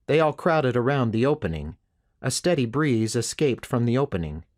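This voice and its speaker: A man narrating an audiobook in the first person with a steady, measured reading. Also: medium pitch.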